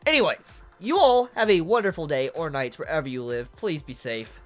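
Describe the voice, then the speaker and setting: Young female reviewer, low-ish voice, lively swearing delivery, soft music underneath. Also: normal speed. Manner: emphatic, swears often, repeats words. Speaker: manga reviewer. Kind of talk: casual commentary.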